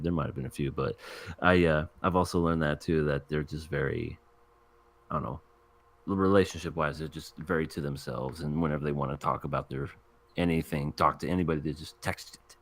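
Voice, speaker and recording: Deep-voiced man hosting a casual chat. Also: animated, brisk, a bit bright. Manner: rambling, thinks aloud with restarts. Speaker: podcast host reviewing anime.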